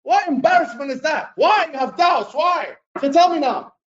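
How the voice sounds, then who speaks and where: A man lectures in a scornful, hectoring way, his voice pitched very high and breaking into shouts now and then. The clip sounds roomy and dull, like an old lo-fi recording. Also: expressive, moderate pace. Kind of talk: heated lecture.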